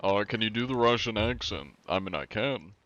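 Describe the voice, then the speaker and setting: A young man streams a game at a desk mic, chatting casually with viewers in a laid-back way, reading their messages aloud, and laughing easily and often. His voice is fairly low, animated, and fairly bright, at a normal speed. The sound is lo-fi.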